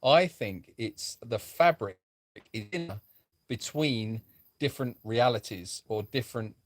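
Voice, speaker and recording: A man co-hosting a casual live chat, wandering from thought to thought in a rambling, musing way. His pitch swings widely and animatedly as he talks. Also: lively intonation, a little slow, dry recording. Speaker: sanctuary co-host.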